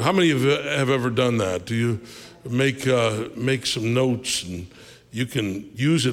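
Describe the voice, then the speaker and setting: A man preaching a sermon as pastor, in a conversational, animated way with asides and quick laughs. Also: medium pitch, vocal fry. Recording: reverberant hall.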